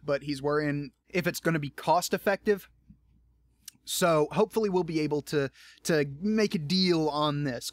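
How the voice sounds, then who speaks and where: A young man talks alone into his podcast mic, rambling loosely and swearing freely as he goes. His voice sits a little high for a man. The sound is dry and close, with no room in it. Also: fairly bright tone, dry recording. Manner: rambling and profane, with frequent fillers. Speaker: podcast host and audiobook narrator. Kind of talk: casual solo podcast monologue.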